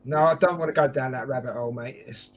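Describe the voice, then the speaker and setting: A man's voice: medium pitch, fast talker, faint music behind. A man hosting a casual football preview chat, joking and calling his guests mate. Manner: jokey, chatty, addresses guests as mate. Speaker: host.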